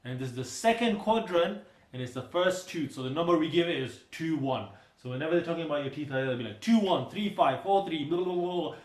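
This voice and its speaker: A dentist in his twenties hosts a casual meme reaction chat, playful and jokey while patiently explaining things. His slightly high, expressive voice moves a little fast, and the recording is reverberant and low-quality.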